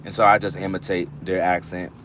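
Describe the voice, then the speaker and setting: A man's voice: low voice, little pitch movement, brisk, a bit bright, slight background noise. A man chatting casually with live viewers from his parked car, laughing often and answering comments as they come in. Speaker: livestream host. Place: parked car at a store pickup.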